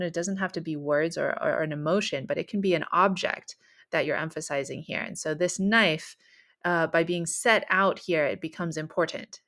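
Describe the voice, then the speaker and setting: A woman's voice: deep voice, fairly bright tone. Patient woman teaching writing. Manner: clear, patient explaining, rereads example sentences aloud. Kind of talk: recorded writing lesson.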